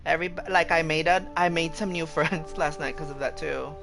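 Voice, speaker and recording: A man's voice: a little high, moderate pace, gravelly, faint music behind. A man live-streaming a shooter game, telling stories and trash-talking in brash, profane casual chat. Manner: animated storytelling.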